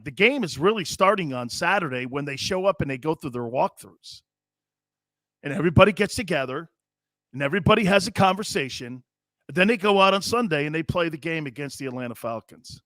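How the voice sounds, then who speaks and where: A man's voice: a little high, pushed and bright, no echo. A man hosting a sports talk show, brash and joking, laughing often as he reads viewer comments.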